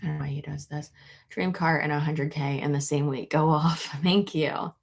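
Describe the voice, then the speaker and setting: Young woman, casual livestream chat, husky, lowish voice, swears freely. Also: steady tone, moderate pace. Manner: chatty, swears freely, talks to her dog. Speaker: YouTuber on a livestream. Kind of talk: casual chat reading comments.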